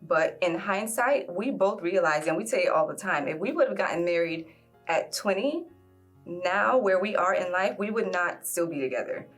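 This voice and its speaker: Reflective woman, low voice. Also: lively intonation, faint music behind. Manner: reflective, fills pauses with "um". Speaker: guest sharing a love story. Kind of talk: emotional personal storytelling.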